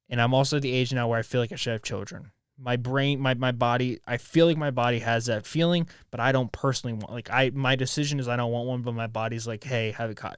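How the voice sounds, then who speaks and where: A man's voice: medium pitch, clear, resonant tone, dry recording, clean studio sound. A man in his twenties hosting a solo podcast, speaking candidly in a rambling, raw way with frequent restarts and swearing. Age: 20s. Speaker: podcast host.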